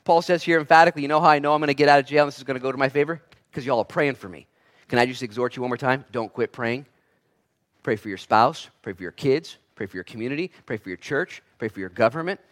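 A man preaching a sermon as pastor, swinging between quiet and loud delivery and acting out the voices he quotes. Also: medium pitch, quick pace.

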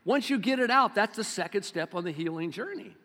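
A man in his seventies preaching a sermon as pastor, swinging between loud exclamations and hushed low-key talk. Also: lively intonation, a little fast. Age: 70s. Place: church sanctuary. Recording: long reverb of a church hall.

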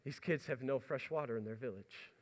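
A man's voice: mid-range voice, brisk. A man from the United States telling a self-mocking story as a pastor during a sermon. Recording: long hall reverb.

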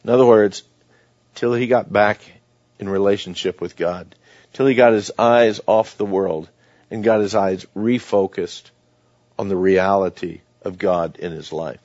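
A man's voice: fairly low pitch, fairly even intonation, unhurried, darkish tone, dry recording. A man preaching a sermon, reading scripture aloud and then explaining it in plain conversational words. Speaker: pastor. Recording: dull, dry lo-fi sound.

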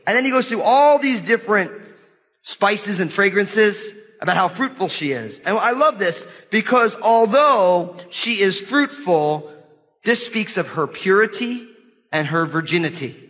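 A middle-aged man preaching a sermon in a church, lively and questioning his congregation. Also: sits high. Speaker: pastor. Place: church hall. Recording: dull sermon recording in a large hall.

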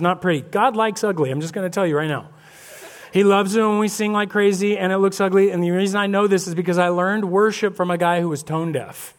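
High-voiced animated preaching man. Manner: animated, acts out congregation voices. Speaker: pastor. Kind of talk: sermon. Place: church sanctuary.

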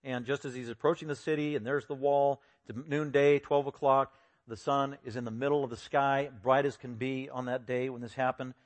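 A man preaching an expository sermon, lively and acting out the voices he quotes with sudden loud bursts. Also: medium pitch, moderate pace. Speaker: pastor.

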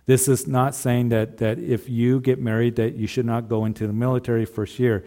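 A pastor delivers an earnest sermon in a dark, mellow voice pitched in the middle range. He addresses the husbands directly, looping back to repeat his phrases, speaking at a moderate pace with little pitch movement.

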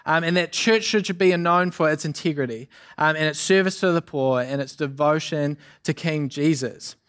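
A young man preaching a sermon as youth pastor, energetic and chatty with many asides and fillers. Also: on the high side, moderate pace, clear, resonant tone. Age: young adult.

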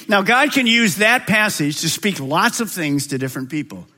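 Preaching as head pastor of a large congregation, this man shifts dramatically from booming high calls down to hushed, low moments. His delivery has a sing-song quality, runs at a normal speed, and pauses only rarely.

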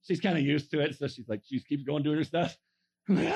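A man's voice: on the high side, fast, husky. A male pastor telling a sermon story, acting out the voices in it and laughing often.

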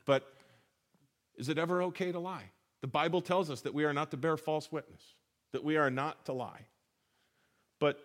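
A man preaching a sermon with a slightly raised voice. He teaches conversationally, asks rhetorical questions and stops to correct himself. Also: on the high side. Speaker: pastor.

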